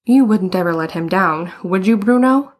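A woman's voice: mid-range voice, animated, normal speed, close to an everyday voice. A woman voicing a blunt, reasonable young man in a story, speaking in a matter-of-fact, probing way. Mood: pointed. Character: blunt, reasonable older brother Edward.

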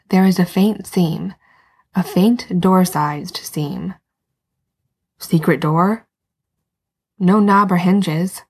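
Soft breathy woman narrating a story. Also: mid-range voice. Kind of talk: scripted narration.

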